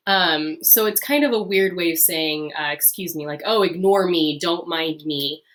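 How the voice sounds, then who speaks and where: A woman teacher explaining a lesson in a friendly, upbeat way, with many fillers, who repeats key phrases slowly. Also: lowish voice, a bit bright. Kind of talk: recorded lesson.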